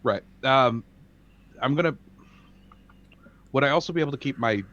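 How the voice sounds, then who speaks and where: A man at a tabletop game, speaking in a plain mid-range voice. He is dry and matter-of-fact, working through his choices out loud. He is plainly a player, not the narrator. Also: medium pitch, moderate pace, muffled recording.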